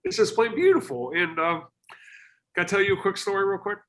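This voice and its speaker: A man's voice: high voice, big pitch swings, a little fast, fairly bright tone. A man talking casually as a guest over a video call, hesitant, with many restarts and fillers, earnest in tone. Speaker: podcast guest.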